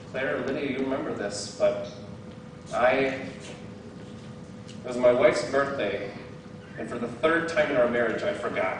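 A man's voice: medium pitch, noisy background. A man preaching a sermon as a guest speaker, candid and self-deprecating, with bursts of laughter. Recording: very echoey hall, heard from some distance.

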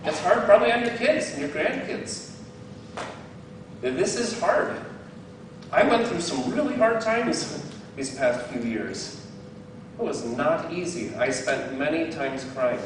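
A man's voice: a little high, animated, slow, long pauses, noisy background. A man preaching a sermon as a guest speaker, candid and self-deprecating, with bursts of laughter. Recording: very echoey hall, heard from some distance.

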